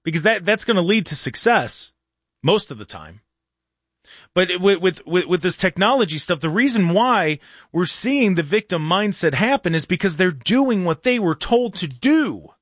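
Animated, ranting man with a lively voice. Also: high-pitched, moderate pace, no room sound, studio quality. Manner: animated ranting, frequent restarts and repeated words. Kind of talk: casual opinionated chat.

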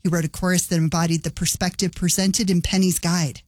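A woman's voice: fairly low pitch, level tone, a little fast, darkish tone, no room sound. A woman radio host narrating a scripted feature, chatty and adding light asides. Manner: conversational, adds light asides.

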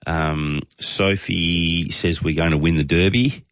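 A very deep-voiced Australian man hosts a talkback radio show in a chatty, easygoing way. His voice comes through dry and slightly dull, like a broadcast studio mic. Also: fairly even intonation, takes it slowly, a bit bright, no echo. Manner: chatty, reads listener texts with chuckles. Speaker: talk radio host.

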